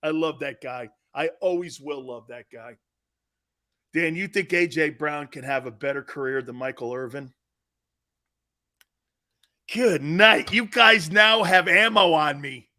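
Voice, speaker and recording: Loud, joking male sports talk host. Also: a little high, unhurried, pauses often. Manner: loud, joking, jumps between topics, often raises his voice. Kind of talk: live sports talk stream, reading chat.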